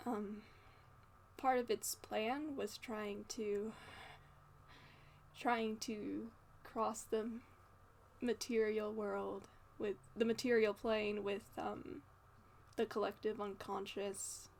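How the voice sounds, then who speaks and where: Slow, halting woman narrating a role-play. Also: medium pitch, little pitch movement, slight background noise. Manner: halting, with frequent fillers and restarts. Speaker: game master.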